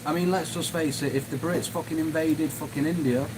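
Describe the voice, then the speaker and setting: A man's voice: on the high side, fairly even intonation, brisk, background noise. A man hosting a live stream, ranting angrily and swearing heavily as he reads and answers chat. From United Kingdom. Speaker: livestream host.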